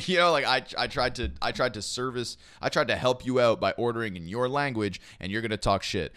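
A man's voice: medium pitch, fairly quick, few pauses, fairly bright tone, clear, resonant tone, no echo, studio quality. A young man from Quebec telling a casual, rambling story, swearing freely and filling gaps with "you know" and "like". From Quebec, Canada. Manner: rambling, profane, full of fillers like "you know". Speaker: esports caster and podcast host.

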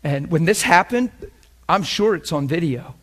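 A man preaching a sermon, telling a story with bursts of laughter and dropping to a hushed, reverent voice. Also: fairly high pitch, normal speed. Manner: animated, laughs often, drops to a hushed tone for reverent parts.

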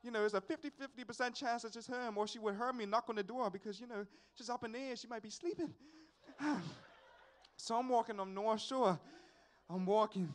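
High-voiced young man testifying. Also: fairly quick. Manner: animated, repetitive storytelling with sighs and asides. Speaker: church member giving a testimony. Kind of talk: storytelling testimony at a worship service. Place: church service.

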